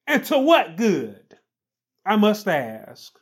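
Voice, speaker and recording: A man's voice: high-pitched, lively intonation. A man preaching a sermon, emphatic and repetitive, building stress on key phrases. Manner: slow, emphatic, repeats phrases with rising stress.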